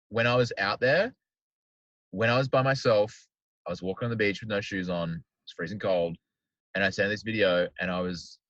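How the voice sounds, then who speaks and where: A man's voice: lowish voice, a bit bright, dry recording. A man hosting a podcast, chatting casually and rambling with lots of "like". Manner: rambling, heavy use of "like". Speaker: podcast host. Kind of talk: casual chat. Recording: dull lo-fi, dry sound.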